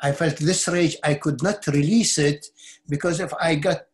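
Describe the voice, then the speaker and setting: Earnest, fairly high-voiced middle-aged man. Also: fairly even intonation, moderate pace. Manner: earnest, intense, repeats and restarts words. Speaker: spiritual teacher. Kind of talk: personal storytelling in an interview.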